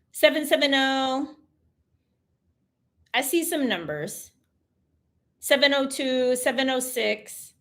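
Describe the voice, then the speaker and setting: A chatty woman hosts a casual stream, talking straight to her viewers. Her voice sits high, and its pitch swings widely from one phrase to the next. She talks with an emphatic, animated manner. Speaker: host. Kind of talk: casual livestream chat.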